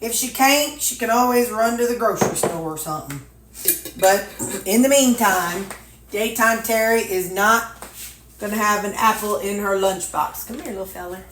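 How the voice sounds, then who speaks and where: A woman's voice: medium pitch, normal speed, a bit bright, slight background noise. An older woman, chatting casually and folksily to her viewers while she packs meals in her home kitchen. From Missouri, USA. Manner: folksy, chatty, talks to herself, drawling asides. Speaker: weight-loss vlogger. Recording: echoey kitchen with clattering dishes.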